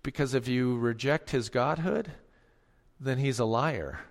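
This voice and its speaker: A man's voice: medium pitch, measured pace, gravelly. A man preaching a sermon as pastor, emphatic, asking rhetorical questions and acting out the quotes he reads. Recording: long hall reverb.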